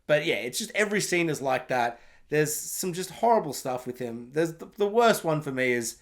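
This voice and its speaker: A man with a fairly high voice rants his way through a film review. He is sarcastic and mocking, rambling from point to point and swearing freely as he goes. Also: lively intonation, normal speed.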